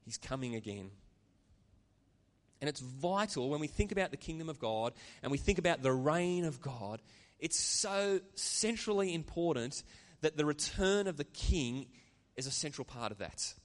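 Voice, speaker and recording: A man's voice: on the high side, lively intonation, moderate pace, in a large hall. A man preaching a sermon as pastor, earnest and conversational, with chatty asides to the congregation. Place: church.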